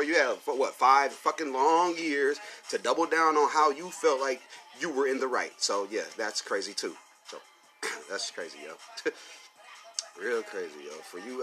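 A man's voice: mid-range voice, bright, forceful tone. A man hosting a casual solo podcast, ranting heatedly with lots of profanity, fillers and short laughs. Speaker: podcast host.

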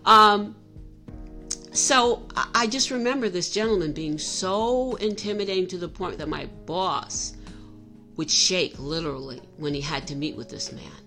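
A woman's voice: fairly low pitch, measured pace, sharp tone, faint music behind. A middle-aged woman telling a personal story in a candid, self-reflective way, often restarting her sentences.

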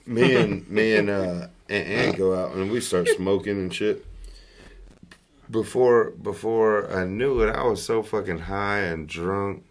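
A man's voice: on the low side, measured pace. A Southern US man telling a story in casual chat, rambling and profane, with laughter breaking in.

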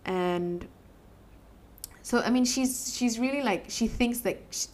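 A woman's voice: a little high, takes it slowly, a little mellow. A woman co-hosting a book podcast, chatting casually, laughing often and acting out quotes from the story. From Malaysia.

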